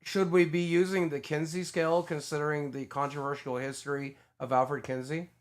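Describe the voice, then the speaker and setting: A man streaming, joking crudely and loudly in casual banter. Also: fairly high pitch, level tone, normal speed.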